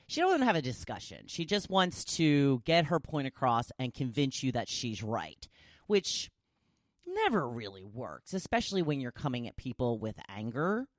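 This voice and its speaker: A middle-aged woman hosting her own podcast, talking casually and chattily, with big leaps up in pitch. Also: dry recording, studio quality. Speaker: podcast host. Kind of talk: casual solo podcast talk.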